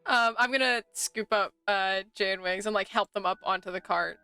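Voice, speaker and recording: A woman playing a tabletop game, talking in an excitable, giggly way with quick restarts. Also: medium pitch, smooth, dry recording, soft background music. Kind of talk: casual tabletop game play.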